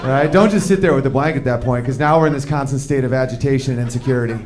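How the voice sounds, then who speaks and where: A man performing a stand-up comedy routine, telling stories with quick shifts into acted-out quotes of men and women, on a comedy club stage with a handheld mic while the audience laughs. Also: medium pitch, darkish tone.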